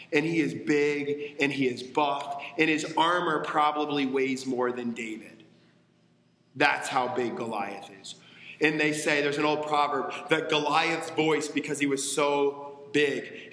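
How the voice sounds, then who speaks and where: A man preaching a sermon, telling a story with animated voices, in a church with echoey hall reverb. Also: a little high. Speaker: pastor.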